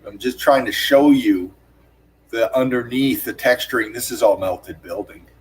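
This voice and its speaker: A man talks through on-screen footage in an urgent, excited rush, swearing freely and repeating himself. His delivery is emphatic and insistent, with punchy single words that mark each detail he points to. His pitch sits in an ordinary middle range for a man. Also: a little hiss or hum. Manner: urgent, profane, repeats "look at this" constantly; rapid emphatic pointing words like "bam" and "boom". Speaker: channel host narrating screen footage. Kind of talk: excited on-screen analysis commentary.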